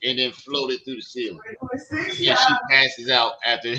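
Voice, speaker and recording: Bright-voiced man mocking a story. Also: medium pitch, huge pitch swings, a little slow, low-quality recording. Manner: mocking, incredulous, laughing retelling. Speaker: stream host. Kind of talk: casual commentary.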